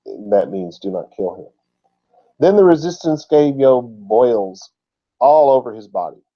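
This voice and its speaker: A man's voice: mid-range voice, animated, measured pace. Man teaching scripture, lo-fi sound. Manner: explanatory, conversational, with rhetorical questions. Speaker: Bible teacher. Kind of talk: sermon-style Bible teaching.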